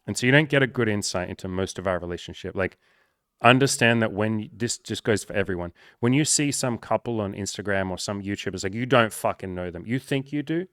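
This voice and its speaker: A man's voice: on the low side, a little fast, fairly bright tone, no echo. A young man speaking candidly and emotionally to camera, swearing freely and close to tears. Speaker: coach and content creator. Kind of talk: emotional personal talk to camera.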